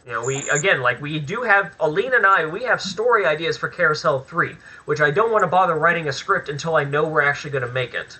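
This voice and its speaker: A man's voice: on the high side, animated, fast, hardly any pauses, sharp tone, husky, rough recording. A man talking as a guest on a casual podcast interview, candid and chatty, swearing freely. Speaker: podcast guest, filmmaker and actor.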